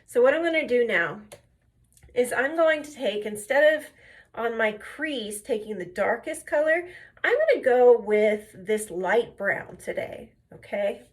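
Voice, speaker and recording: Her voice is a little high and sing-song, at a measured pace. She's a makeup and faith vlogger who talks viewers through her routine step by step, chatting and wandering between stories as she goes.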